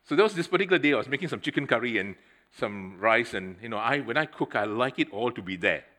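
A middle-aged man preaching a sermon, telling a personal story in a conversational, animated way and speaking straight to the congregation. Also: mid-range voice, quick pace. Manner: conversational, addresses the congregation directly; animated storytelling with swings in loudness.

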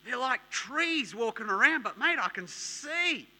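Man doing a breezy, offhand blind fellow, light and bright. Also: very high voice, sing-song, a little slow, voice pushed up, heavily acted. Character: casual, chatty male blind man newly healed.

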